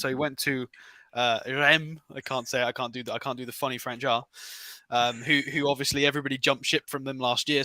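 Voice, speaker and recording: Male co-host, bright and clear, dry close sound, argues stats on a call. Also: mid-range voice, no echo. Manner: talks through stats, argues points. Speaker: podcast co-host. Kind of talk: casual football chat.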